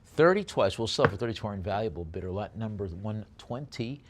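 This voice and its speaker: A lower-voiced man running a live auction. He rattles off bid calls in a rapid chant, then slows down to describe each item. He sounds like an auctioneer at work. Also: lively intonation.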